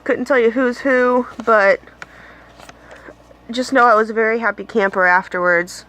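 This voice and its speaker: A woman's voice: on the high side, steady tone, a little slow, a bit bright, a little hiss or hum. Young woman vlogger, casual storyteller, giggly and scattered, phone-recorded. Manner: bubbly, rambling, giggly, lots of "like" and "um". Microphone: phone camera.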